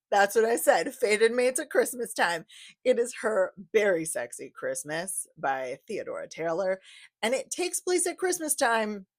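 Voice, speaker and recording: A young adult woman giving a casual book review, chatty and enthusiastic, repeating phrases for emphasis. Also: fairly low pitch.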